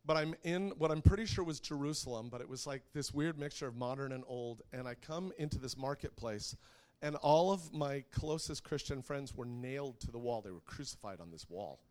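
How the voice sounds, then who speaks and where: Animated man preaching with lively pitch. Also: a little fast. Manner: animated storyteller who laughs often and gets loud when acting out scenes. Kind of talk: sermon with personal stories.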